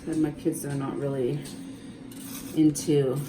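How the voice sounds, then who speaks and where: A woman's voice: sits low, little pitch movement, measured pace. Woman, casual cooking vlogger, laughs easily, kitchen noise behind her. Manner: chatty, laughing storyteller. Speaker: home cook filming herself. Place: home kitchen. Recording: noisy kitchen recording.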